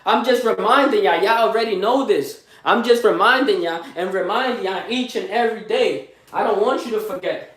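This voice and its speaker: A man giving a loud, preachy motivational pep talk in his small home gym, repeating his lines and calling to his viewers. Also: sits high, moderate pace, hardly any pauses. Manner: loud and preachy, repeats phrases, says y'all a lot. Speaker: motivational live streamer. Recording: very echoey room, mic far off.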